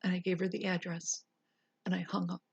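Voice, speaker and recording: Woman telling her own story, real husky and gravelly, hushed and whispery a lot, dry close sound. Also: lowish voice, little pitch movement, fairly quick, dry recording, highs cut off. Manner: hushed, often dropping to a breathy whisper. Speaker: vlogger sharing a personal story. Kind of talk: personal storytelling.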